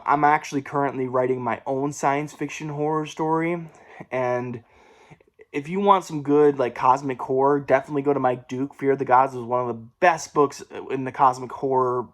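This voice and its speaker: Young man, casual video chat, rambling, mild stutter, middle pitch. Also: a bit bright. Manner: rambling, with fillers and self-corrections. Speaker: book vlogger.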